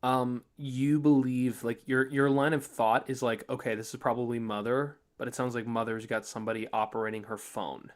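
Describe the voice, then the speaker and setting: A man's voice: mid-range voice, flat delivery, normal speed, hardly any pauses. A man narrating as game master in a casual, loose way with many fillers.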